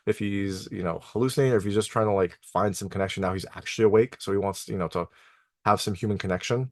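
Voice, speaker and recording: A man with a lowish voice hosts a TV review channel, casually recapping an episode in a conversational way packed with fillers like "like" and "you know." The recording is clean studio sound with no echo.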